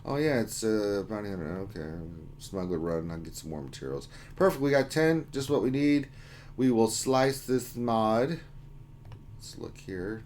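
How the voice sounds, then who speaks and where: A man's voice: fairly low pitch, darkish tone, a little hiss or hum. Male stream host, casual chat delivery, reads viewer messages with jokes. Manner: reads out chat names, jokey and upbeat. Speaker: livestream host.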